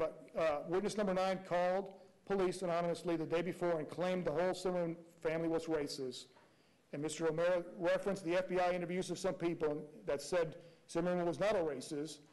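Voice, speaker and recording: A prosecutor with a high-pitched male voice argues before a judge. He talks in a measured courtroom manner and keeps driving his case home with pointed rhetorical questions. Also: a little mellow, low-quality recording. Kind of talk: courtroom argument.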